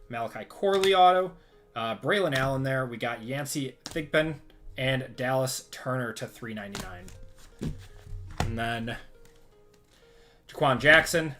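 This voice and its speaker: A man's voice: medium pitch, bright, forceful tone. A man hosting a live sports card break stream, upbeat and rattling off long lists of pulled cards.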